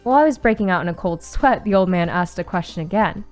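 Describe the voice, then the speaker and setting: A young woman reading a visual novel aloud and reacting with sudden excited squeals and swearing. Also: lowish voice, fast talker, few pauses, faint music behind. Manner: reads story text aloud, breaks into excited squeals and swearing. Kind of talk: casual playthrough narration with reactions.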